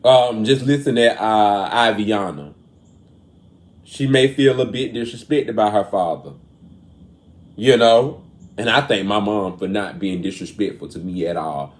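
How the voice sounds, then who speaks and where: A man hosting a casual commentary show, earnest and emotional, moving between raised and quiet talk. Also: lowish voice, a little slow. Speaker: show host. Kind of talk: casual commentary on celebrity news.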